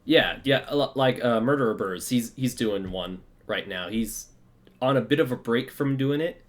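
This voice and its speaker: A man hosting a podcast in casual chat, explaining quickly and laughing easily. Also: mid-range voice. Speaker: podcast host.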